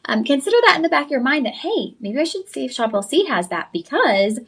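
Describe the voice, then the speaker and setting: A woman hosting a live shopping stream, chatty and upbeat, pitching jewelry and calling viewers "y'all". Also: big pitch swings, quick pace, fairly bright tone. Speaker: shopping channel host.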